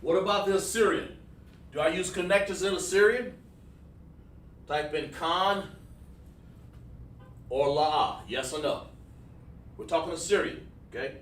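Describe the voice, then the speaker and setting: Male instructor, fairly high voice, patient, keeps checking in, roomy echo. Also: a little slow, pauses often, a bit bright, a little hiss or hum. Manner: patient, checks in with repeated "okay, all right", praises students. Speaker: class instructor. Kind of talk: livestreamed language class. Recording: echoey room, voice far from mic.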